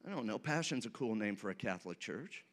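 A man's voice: fairly low pitch, lively intonation, fast talker, a little hiss or hum. A man preaching a sermon as pastor, leading the congregation in call-and-response and telling light stories.

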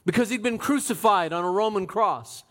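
Male pastor with a high voice, preaches in a lively, dramatic way and swings between loud and hushed. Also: moderate pace. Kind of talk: sermon.

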